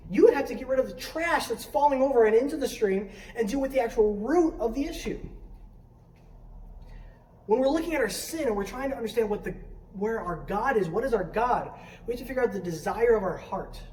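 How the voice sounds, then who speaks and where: A student ministry leader with a mid-range, darkish voice gives a conversational youth sermon in a church sanctuary, asking lots of questions and often adding "right?". The recording is roomy, from a distant mic, with faint noise.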